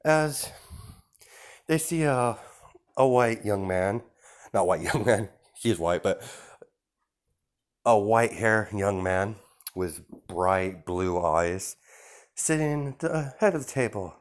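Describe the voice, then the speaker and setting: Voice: deep voice, lively intonation, slow, pauses often. A storyteller improvising a fan story aloud, rambling, correcting themselves and leaning on fillers.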